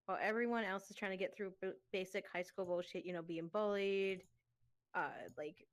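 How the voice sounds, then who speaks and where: A woman's voice: medium pitch, steady tone, moderate pace. A young woman in casual chat as a co-host, chatty and giggly, full of fillers.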